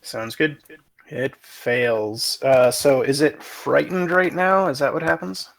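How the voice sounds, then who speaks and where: Guy dm with a gravelly voice, just calling hits and turns. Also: a little high, fairly even intonation, slow pace, a bit bright. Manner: matter-of-fact, asks rules questions. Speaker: game master. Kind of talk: running a tabletop game.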